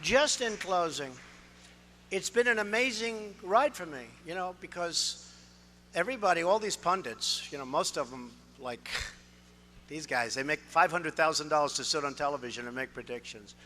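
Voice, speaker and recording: A man's voice: on the high side, lively intonation, moderate pace, pushed and bright, a little hiss or hum. A man in his sixties giving a campaign speech in a large hall, boastful and repetitive, punching out short phrases. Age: 60s. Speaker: political candidate. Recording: reverberant hall with faint ambience.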